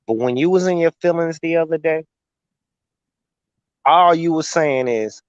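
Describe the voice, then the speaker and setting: A man's voice: fairly high pitch, a little slow, clean tone, no echo. A man chatting casually as co-host, emphatic and full of slang. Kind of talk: casual live-stream chat. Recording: dull dry call line.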